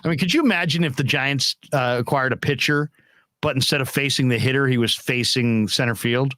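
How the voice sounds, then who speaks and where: A man's voice: brisk, no room sound. A man hosting a casual post-game sports talk show, speaking bluntly and animatedly as he reads and riffs on viewer comments. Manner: animated and blunt, with emphatic pitch jumps.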